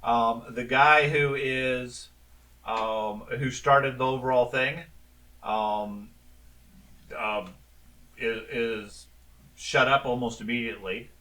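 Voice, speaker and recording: Bright-voiced man running a tabletop game. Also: medium pitch, takes it slowly, pauses often, far from the mic, poor audio. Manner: relaxed, with frequent ums and restarts. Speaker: game master.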